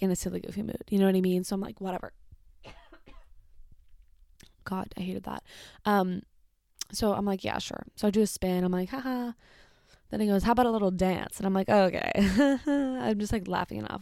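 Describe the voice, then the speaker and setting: A young woman telling a story casually, chatty and full of "like", swearing and animated as she retells it. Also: mid-range voice, gravelly, dry recording. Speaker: retail worker telling a story.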